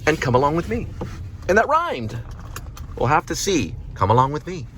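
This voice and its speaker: A man's voice: fairly high pitch, sing-song, moderate pace, a bit bright, rough recording. A man casually rambling in a vlog while out delivering food in his car, self-amused and full of restarts. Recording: car and road noise.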